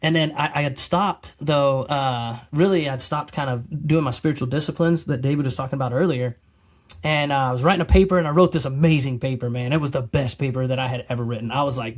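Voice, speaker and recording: On a podcast, a middle-aged guest talks quickly in a voice on the high side, telling his testimony casually and rambling with many restarts. As an animated storyteller, he acts out his own quotes.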